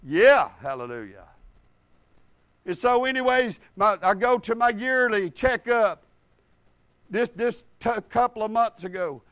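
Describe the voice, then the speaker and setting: An older man preaching a sermon, telling a funny personal story in a folksy, humorous way with low asides. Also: animated, unhurried, pauses often, fairly bright tone, smooth, no echo.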